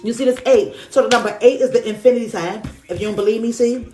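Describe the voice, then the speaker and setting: On a live stream filmed with a phone, a woman does tarot readings, chatting casually with slang while affirming and repeating herself. Her voice is on the high side with a dark tone and quick pace, in a roomy space with soft background music.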